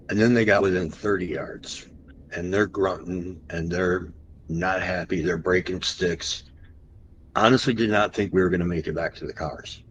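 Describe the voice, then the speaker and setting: Low-voiced man telling a tense story. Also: lo-fi sound, slight background noise. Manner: animated storyteller, slows down for tense moments. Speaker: podcast guest. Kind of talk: recounting an encounter story.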